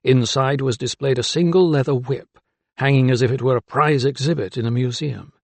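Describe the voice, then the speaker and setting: Male narrator, measured period-novel reading, gravelly texture, dry booth. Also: mid-range voice, no echo. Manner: even, measured storytelling. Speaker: audiobook narrator. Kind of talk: scripted narration. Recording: dry close studio sound.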